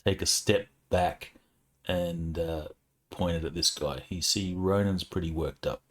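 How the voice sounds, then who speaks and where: Deep-voiced man running a tabletop game. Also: a little slow. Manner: relaxed narration with fillers. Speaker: game master.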